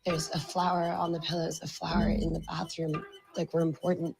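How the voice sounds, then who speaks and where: A woman's voice: deep voice, flat delivery, brisk, vocal fry. An actress playing an anxious young woman held captive, nervous and questioning. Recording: film trailer with loud music.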